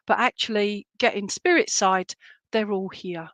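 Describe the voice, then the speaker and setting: A woman, a spiritualist medium giving a halting, chatty clairvoyant reading full of fillers and restarts. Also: medium pitch, lively intonation, fairly bright tone, no room sound. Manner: relays spirit messages in a chatty, jokey way. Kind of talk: clairvoyant reading in an online church service.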